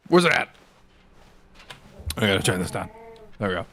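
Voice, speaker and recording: A man's voice: deep voice, very animated, normal speed, a bit bright. A man streaming a video game, joking around and muttering to himself as he plays. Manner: laid-back, joking, mutters to himself while playing. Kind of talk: casual live game commentary.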